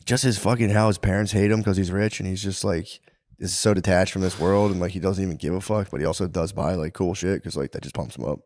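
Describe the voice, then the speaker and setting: A man's voice: sits low, fairly even intonation, quick pace, a little mellow, no echo, clean studio sound. A man co-hosting a podcast in casual chat, rambling and profane, laughing often as he talks. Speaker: podcast co-host.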